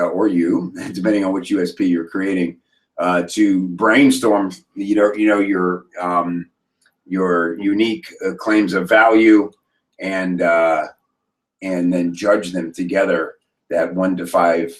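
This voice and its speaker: A man hosting a live group call, talking in a casual, upbeat, rambling way with many fillers and restarts. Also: deep voice. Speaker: host of a copywriting members' call.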